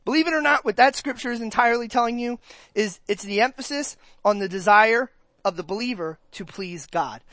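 A pastor preaching in an animated, conversational way, often asking the congregation questions and briefly acting out their reactions in quick put-on voices. The voice sits at a middle pitch, and the recording is close and dry, with no room echo. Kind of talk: sermon.

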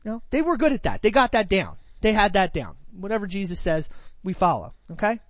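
A woman's voice: mid-range voice, sing-song, a little fast, dry recording. A woman preaching, who retells a scripture passage and then teaches it in a conversational way, full of rhetorical questions and "right?" tags.

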